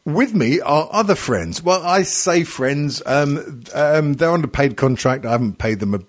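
A man's voice: fairly high pitch, animated, a little slow. A man hosting a crude comedy podcast, rambling, teasing his guests and swearing a lot. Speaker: podcast host.

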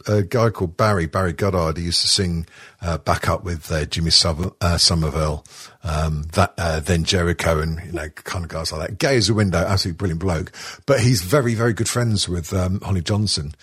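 Host type, man, husky and low, sweary, rambling talker, dry close sound. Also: a little fast, a bit bright, no room sound. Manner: sweary, rambling, laughing often. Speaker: podcast host. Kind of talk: casual chat.

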